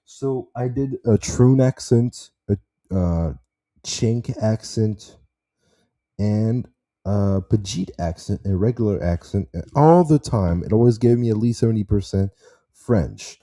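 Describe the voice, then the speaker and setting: A man's voice: on the low side, unhurried, dark tone. A man talking casually in a crude, rambling, profane way. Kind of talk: casual monologue.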